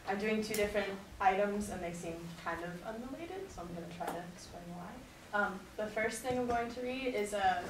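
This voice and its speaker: A woman speaks in an earnest, measured way, presenting and then reading a letter aloud. Her voice sits at an ordinary middle pitch and comes from some distance away from the microphone. The room is echoey, with a faint hum underneath.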